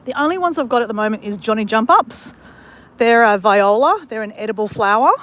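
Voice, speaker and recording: A woman's voice: on the high side, animated, fairly quick, a bit bright. A woman chatting to viewers while walking along a town street, gushing over what she passes. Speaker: vlogger. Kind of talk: casual walking vlog.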